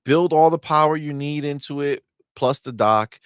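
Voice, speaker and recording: A man in his thirties co-hosting a casual gaming podcast from his home game room, talking in an animated way with lots of fillers and swearing. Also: fairly high pitch, moderate pace, smooth, no room sound, clean studio sound. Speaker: podcast co-host. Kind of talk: casual chat.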